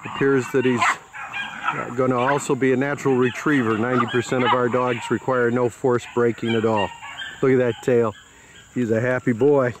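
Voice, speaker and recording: Out in a yard beside a quail coop, with crickets and insects audible, a dog breeder holds a camera and chats casually about his animals. He speaks of the puppies with pride and fondness, his mid-range voice level and at normal speed.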